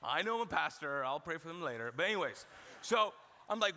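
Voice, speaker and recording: Bright-voiced pastor telling stories. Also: male voice, a little high, lively intonation, fast. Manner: conversational storytelling with humor, addressing the congregation. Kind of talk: sermon.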